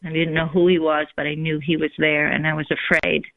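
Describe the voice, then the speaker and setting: Woman recounting her conversion, flat, gravelly delivery; tinny phone line, dry. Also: deep voice, no echo. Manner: reflective, unhurried, with frequent ums. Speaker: guest sharing her faith story. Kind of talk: personal testimony in conversation.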